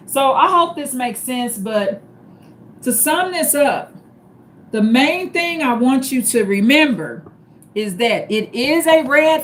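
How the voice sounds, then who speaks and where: Her voice on the high side, a female livestream host dispenses casual advice, emphasizing and repeating each point as she breaks it down step by step. A little hiss or hum runs under the recording.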